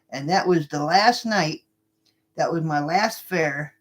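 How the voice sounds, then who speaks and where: Animated former cab driver telling a story. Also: mid-range voice, unhurried. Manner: animated, repeats lines and restarts while retelling a tense event. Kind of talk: casual spoken storytelling.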